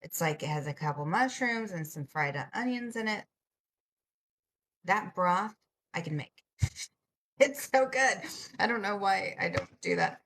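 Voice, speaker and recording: A woman's voice: medium pitch, lively intonation, unhurried, vocal fry, pauses often, a bit bright, a little hiss or hum. A woman hosting a casual late-night live stream, chatting with viewers and answering their comments, laughing often. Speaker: livestream host.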